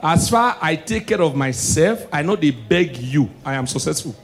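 Nigerian comedian guy, pidgin english, high voice, goes from low preachy mutters to yelling punchlines. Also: animated, normal speed. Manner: swings between low preachy asides and loud shouted punchlines. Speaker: stand-up comedian. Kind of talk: stand-up comedy set.

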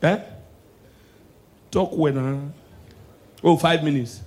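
A man with a Nigerian Pidgin English accent performing a stand-up comedy set, swinging between hushed preachy asides and shouted punchlines. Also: on the high side, slow pace.

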